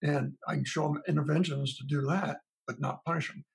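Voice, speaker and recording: A man's voice: fairly high pitch, steady tone, brisk, vocal fry, slightly rough, rough recording. A man, a psychologist, answering in an interview, retelling his talks with parents in a conversational way. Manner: recounts parent dialogues, thinking aloud with restarts. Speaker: psychologist guest.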